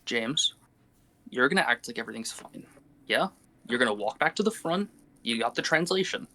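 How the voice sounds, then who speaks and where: A man's voice: mid-range voice, expressive, moderate pace, bright, forceful tone. A man playing a druid in a tabletop game, talking casually and plotting with a fellow player.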